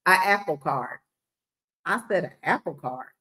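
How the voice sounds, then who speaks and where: A woman's voice: lowish voice, animated, a little slow, bright, forceful tone, poor audio. A woman casually recounting a story on a podcast, blunt and sassy, acting out both sides of a conversation.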